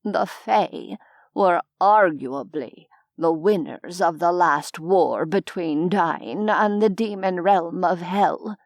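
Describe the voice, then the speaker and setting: A woman voicing a courteous, formal gentleman in an audiobook, measured and gently lecturing. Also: fairly low pitch, no echo, studio quality. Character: genteel, courteous older gentleman scholar. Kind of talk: audiobook character voice.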